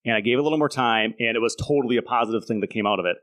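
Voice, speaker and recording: Man, podcast host, casual chat, reflective, fast pace, dry sound. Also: mid-range voice, no room sound. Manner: relaxed, reflective, asks questions.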